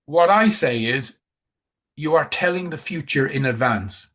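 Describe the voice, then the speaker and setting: A man's voice: on the high side, expressive, unhurried, a bit bright. A man giving a coaching presentation, emphatic, who repeats key phrases.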